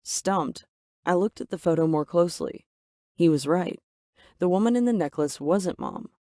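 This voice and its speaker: Brief: woman narrator for an animated story, emotive delivery, dry booth sound. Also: on the low side, normal speed, no room sound. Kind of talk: scripted first-person story narration.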